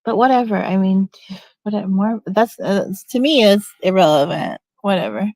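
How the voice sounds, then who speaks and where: A woman's voice: medium pitch, animated, moderate pace, a little mellow, dry recording, rough recording. A middle-aged woman venting casually in a rambling storytime, blunt and profane, restarting her sentences often. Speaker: vlogger.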